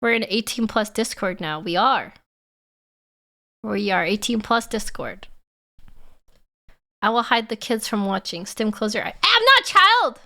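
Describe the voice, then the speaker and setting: Bright, slow-talking giggly woman streamer. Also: medium pitch. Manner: giggly, self-teasing, chatty. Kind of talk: casual reaction stream chat.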